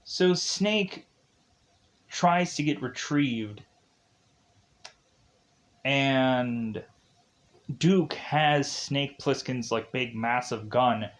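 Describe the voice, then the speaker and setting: A man's voice: mid-range voice, drawn-out words, pauses often. A man recapping a movie plot in a casual, rambling way, full of "like" fillers. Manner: rambling, heavy use of "like". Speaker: film reviewer.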